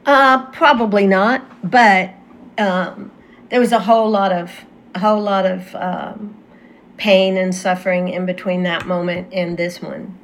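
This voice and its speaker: A woman's voice: medium pitch, steady tone, slight background noise. A woman talking as a guest medium, telling a personal story in casual conversation with fillers and restarts. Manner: earnest, halting with fillers and restarts.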